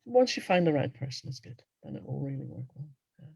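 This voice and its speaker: A woman's voice: rumbling low, lively intonation, fast talker, creaky, darkish tone, husky, no echo. A woman podcast host and coach, chatting casually and encouraging her guest with short affirmations. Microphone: podcast mic, online call.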